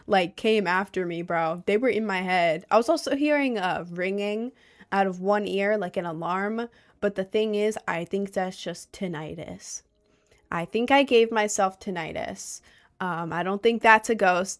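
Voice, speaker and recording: A young woman from the United States who streams live, chatting casually and reading out viewer comments. She rambles through stories with lots of fillers and sudden lively outbursts. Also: medium pitch, unhurried. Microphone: desk mic, sometimes leaning close.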